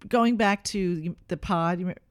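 A woman in her sixties, co-hosting a casual podcast with her daughter from a kitchen table, chatty and quick to laugh, often trailing off mid-sentence. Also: on the low side, no room sound, clean studio sound. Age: 60s. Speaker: podcast co-host, mother. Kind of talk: casual chat. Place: kitchen table in a city home. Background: construction noise next door.

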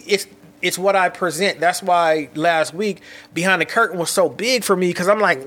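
A man's voice: fairly high pitch, normal speed, sharp tone. A man in his thirties hosting a solo motivational podcast, talking candidly and reflectively in casual slang with frequent restarts. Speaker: podcast host.

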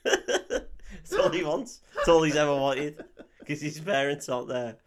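A man's voice: a little high, expressive, unhurried. A man co-hosting a podcast, joking and giggling through casual asides about a film. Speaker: podcast co-host. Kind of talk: casual film-recap chat.

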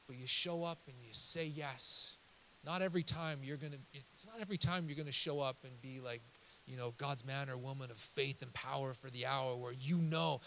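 A man preaching, telling a story in an animated way that swings from loud emphasis to hushed, low passages. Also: a little hiss or hum, rough recording. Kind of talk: sermon storytelling.

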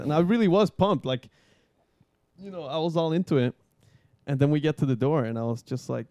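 A man's voice: mid-range voice, fast talker, a little mellow. A young man telling stories in casual podcast chat, laid-back, swearing often, with many fillers. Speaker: guest skydiver.

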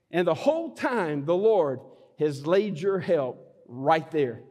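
Middle-aged preacher guy, high voice, bouncing all over, joking and shouting, big hall echo. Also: a little slow. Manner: animated, jokey preaching with laughs and sudden shouts. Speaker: pastor. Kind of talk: sermon. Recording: long hall reverb.

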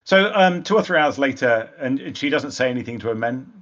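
A man's voice: medium pitch, animated, a little fast, fairly bright tone, lo-fi sound. A man narrating as game master of a tabletop game, rambling with frequent hesitations.

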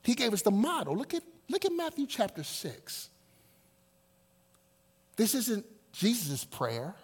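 A male pastor preaching a sermon with dynamic swings from loud to hushed, acting out prayers in quoted voices. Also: high-pitched, wildly swooping pitch, a little slow, slightly rough.

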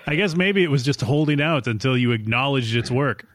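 A man's voice: medium pitch, lively intonation, a little fast, fairly bright tone. A man co-hosting a casual podcast, joking around with his friends over a remote call. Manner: joking, chatty. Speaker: podcast co-host. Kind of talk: casual chat. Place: home room with clothes hung to baffle echo. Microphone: remote recording over internet.

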